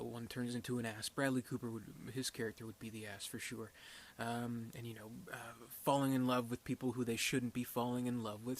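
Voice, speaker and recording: A man's voice: medium pitch, fairly bright tone, slight background noise. A young man giving a casual, unscripted film review, rambling and hesitant, with many fillers and restarts.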